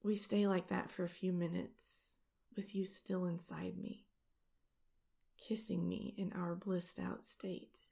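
A woman in a whispered role-play, her hushed voice slow and unhurried. The tone is low and heavily gravelly, with a husky, breathy texture. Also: flat delivery. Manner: soft intimate whisper. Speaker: storyteller.

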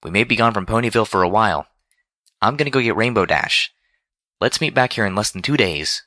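A man's voice: fairly low pitch, lively intonation, a little fast, sharp tone, no echo, studio quality, pitched above the performer's own voice. A man voicing a studious, earnest female pony leader who speaks firmly. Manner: earnest, firm, commanding.

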